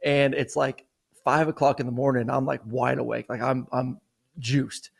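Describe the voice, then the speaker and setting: A man's voice: mid-range voice, little pitch movement, moderate pace, vocal fry. A man in his thirties, co-hosting a sports podcast, telling a long story in a loose, rambling way full of fillers. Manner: rambling storyteller, many "you know" and "like" fillers. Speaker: co-host. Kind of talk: casual sports podcast chat.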